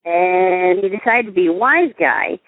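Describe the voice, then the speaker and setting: A woman's voice: lowish voice, measured pace, dry recording. Casting note: chatty New York woman calling in, dry and tinny phone line. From upstate New York. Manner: chatty, rambling storyteller. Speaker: caller. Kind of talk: casual chat.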